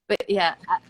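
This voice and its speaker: A woman speaks as a guest in a loose live-stream conversation. Her talk is blunt and emphatic, with free swearing. She laughs between her points. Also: medium pitch. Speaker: interview guest.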